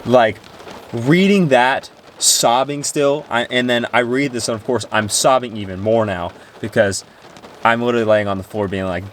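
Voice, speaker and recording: A man's voice: on the low side, moderate pace, a little hiss or hum. A man talking earnestly and emotionally to camera about his faith, rambling with restarts and sounding tearful. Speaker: Christian vlogger. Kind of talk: personal faith talk to camera.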